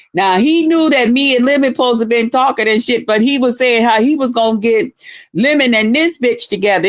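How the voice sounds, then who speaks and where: A woman livestreamer telling a long, profane, rambling story, breaking off to greet viewers. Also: fairly high pitch. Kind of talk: casual livestream rant.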